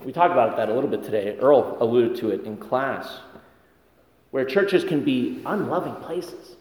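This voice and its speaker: A man's voice: medium pitch, moderate pace, a little mellow. A man preaching a sermon, telling stories in a conversational way with self-deprecating humor. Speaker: pastor. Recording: echoey hall with long reverb.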